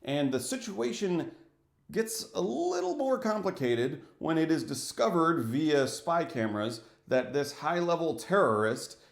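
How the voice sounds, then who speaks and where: A man giving a casual film review for his channel, animated and acting out little scenes as he talks. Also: fairly high pitch, measured pace, vocal fry. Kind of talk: casual movie review vlog. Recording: echoey room.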